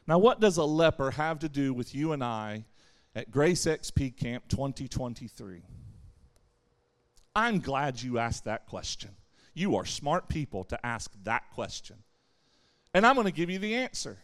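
A man preaching a sermon to young people at a camp, lively, acting out the voices he quotes and answering his own questions. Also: fairly high pitch, unhurried. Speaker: camp speaker.

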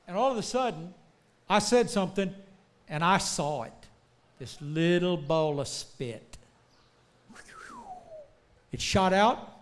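A man preaching a sermon, telling folksy stories and building to shouts. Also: high voice. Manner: animated, rising to shouts, folksy storytelling.

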